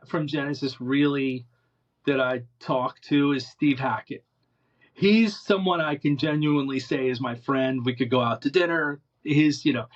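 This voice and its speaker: Rambling man with dull lo-fi audio. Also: on the high side. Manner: rambling, animated anecdotes with many restarts. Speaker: interview guest, musician and producer. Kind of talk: casual storytelling in an interview.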